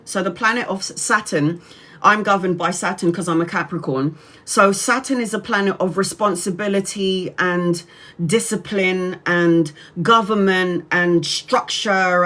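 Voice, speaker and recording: A woman's voice: mid-range voice, a bit bright. Chatty swearing woman tarot reader. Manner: chatty, swears freely, laughs often. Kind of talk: casual livestream chat.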